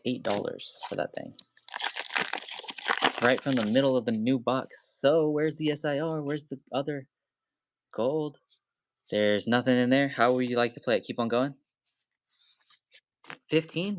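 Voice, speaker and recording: A young man hosting a live stream, opening card packs and chatting with viewers in a loose, excitable way that turns to yelling and swearing when a pull hits. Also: medium pitch, a little hiss or hum. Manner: excitable, swears when thrilled, talks to chat. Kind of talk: casual live-stream chat.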